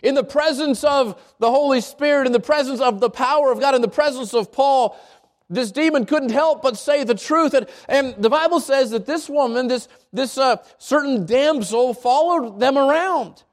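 A man's voice: very high-pitched, moderate pace. A man preaching a sermon in an earnest way, often repeating and restarting his phrases. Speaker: pastor.

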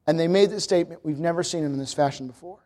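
A man's voice: fairly high pitch, very fast, dark tone. A young man preaching a sermon, emphatic and repetitive, building his points around a repeated refrain.

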